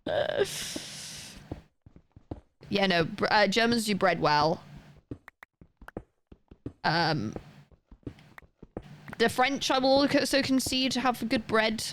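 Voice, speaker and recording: A woman's voice: fairly high pitch, slow, long pauses, fairly bright tone, slight background noise. A woman, chatting casually and rambling with lots of fillers while she streams a game. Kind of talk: casual chat while gaming.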